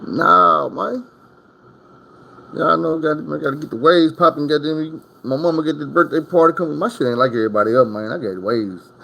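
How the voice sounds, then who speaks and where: A man's voice: on the high side, fast, vocal fry, hardly any pauses, a bit bright. A man from Arkansas, telling prison stories in a casual storytime monologue. His talk is profane and rambling, full of asides to the listener.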